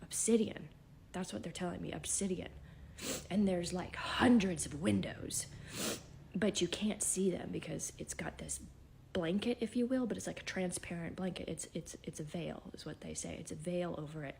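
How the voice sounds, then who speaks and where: A self-described psychic woman, tearful and shaken, talking in a halting, half-whispered voice in an emotional spiritual vlog. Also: lowish voice, creaky, a little mellow, slight background noise.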